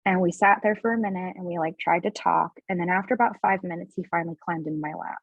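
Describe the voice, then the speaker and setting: A woman in her thirties with a husky, breathy voice talks candidly and emotionally about her family, her sentences full of restarts and "like". The recording is dry and a little dull, as if made over a remote setup. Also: lowish voice, no echo. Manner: emotional, candid, fast-flowing with many "like" fillers. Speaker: podcast guest. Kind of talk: candid personal storytelling.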